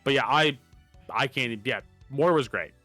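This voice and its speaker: A man's voice: mid-range voice, moderate pace, dry recording, soft background music. A man co-hosting a live stream in casual chat, rambling and laughing often. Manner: rambling, animated, laughs often, restarts words. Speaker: streamer co-host.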